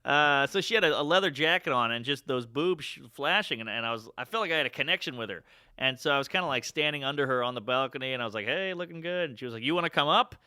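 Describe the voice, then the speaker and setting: A man's voice: medium pitch, quick pace, clear, resonant tone, dry recording, studio quality. A man telling a funny story in casual chat, acting out the people he quotes. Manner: animated, acts out quoted lines. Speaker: storyteller guest.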